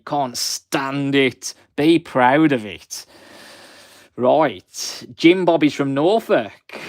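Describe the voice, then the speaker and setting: Young Black Country man, live-stream host, mid pitch, dry close sound, friendly rambling chat. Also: smooth, dry recording. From West Midlands of England. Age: 20s. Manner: friendly and rambling, with frequent fillers. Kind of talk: chatty live stream, greeting viewers.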